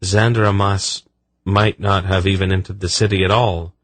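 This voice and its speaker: A man's voice: deep voice, flat delivery, moderate pace, a bit bright, no room sound. A man doing an earnest young swordsman. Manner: earnest, gagging.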